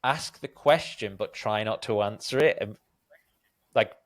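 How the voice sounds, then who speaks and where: A man's voice: fairly low pitch, measured pace. A man hosting a podcast, chatting casually and rambling with filler words. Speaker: podcast host. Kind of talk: casual conversational interview.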